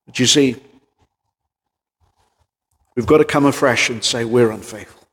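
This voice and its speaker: Earnest preacher in a reverberant church. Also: male voice, medium pitch, unhurried, fairly bright tone. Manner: earnest, rising and falling emphasis with rhetorical questions. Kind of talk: sermon.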